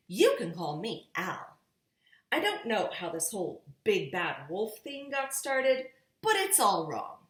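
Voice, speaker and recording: Woman reading as a sly storybook wolf, chatty and defensive, lively pitch, echoey room. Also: full character voice. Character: cheeky male wolf narrator, sly and self-justifying.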